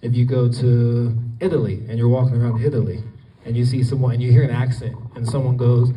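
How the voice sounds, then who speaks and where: Heard from a distance in a roomy event hall, a Colorado man speaks as a guest to an audience in a casual talk that rambles with many fillers and restarts. He talks fast in a flat, mid-range voice, and the highs are cut off.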